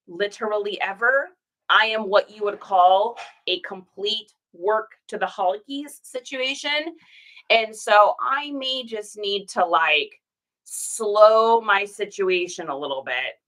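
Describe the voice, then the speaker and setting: A woman's voice: medium pitch, pushed and bright, poor audio. A woman in her forties from Washington State, with a stuffy nose from a cold, chatting casually and rambling as she works through reseller orders. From Washington State, USA. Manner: rambling and chatty, full of "like" and "situation". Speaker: reseller vlogger. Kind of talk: casual vlog chat.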